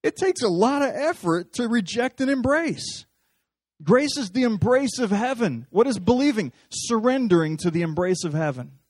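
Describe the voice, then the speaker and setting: A man's voice: sits high, big pitch swings, normal speed, a little mellow, no room sound. A man preaching a sermon in a conversational, storytelling way, often restarting his phrases. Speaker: pastor.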